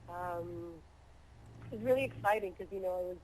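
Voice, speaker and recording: Hoarse woman singer calling in. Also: fairly low pitch, moderate pace, a little mellow, slight background noise, rough recording. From Miami, Florida. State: hoarse, still sick. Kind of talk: phone-in interview.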